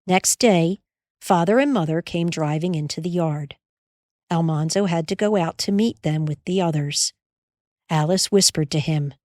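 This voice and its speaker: Woman audiobook narrator, low voice, unhurried, dry close sound, expressive. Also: no echo. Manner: measured, expressive. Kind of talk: scripted storybook narration.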